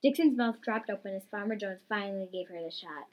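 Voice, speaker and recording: Woman, storyteller, reads a homemade tale aloud, lively, middle pitch. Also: a little fast, very noisy.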